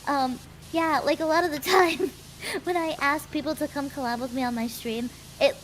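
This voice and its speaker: A woman guest streamer chatting casually on a collab stream, soft-spoken and trailing off, with many fillers. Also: high voice, steady tone, normal speed, a little hiss or hum.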